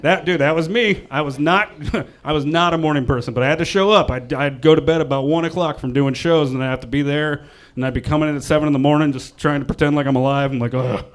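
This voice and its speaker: A young man doing a stand-up comedy set on a club stage. He is lively and self-deprecating and acts out the people in his stories. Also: fairly high pitch, fast talker.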